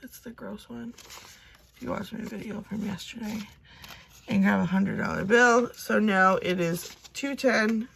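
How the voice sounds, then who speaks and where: Young woman budget vlogger, super creaky fry voice, rambly casual chat over cash, faint noise. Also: mid-range voice, a little slow. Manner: chatty, talks to herself, drifts into soft whispers.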